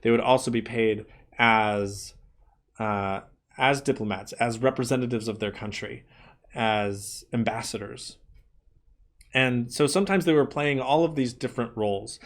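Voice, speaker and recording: A man teaching an art history lesson in a clear, explanatory way, sometimes slipping into playful asides. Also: medium pitch. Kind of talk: classroom lecture.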